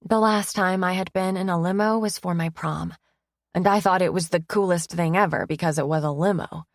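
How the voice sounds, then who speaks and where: A woman narrating a romance audiobook in first person, with a wry, expressive manner, close to the mic. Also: lowish voice, normal speed, no room sound.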